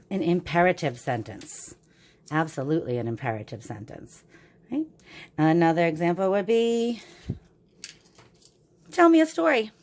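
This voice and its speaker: A woman's voice: deep voice, darkish tone. A woman teacher giving a recorded grammar lesson to young children, upbeat and patient, with a sing-song voice that keeps checking in with "right?".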